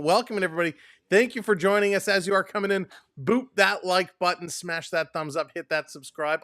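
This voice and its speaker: A man's voice: a little high, fairly bright tone, no room sound, clean studio sound. A man hosting a live hockey watch-along stream, greeting chat viewers by name in an upbeat, casual way. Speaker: sports stream host.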